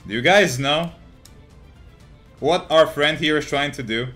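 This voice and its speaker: A young man giving excited gameplay commentary as a card-game YouTuber, swinging between loud hype yells and muttered thinking aloud, swearing casually and laughing often. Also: a little high, a little slow, faint music behind. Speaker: gaming YouTuber.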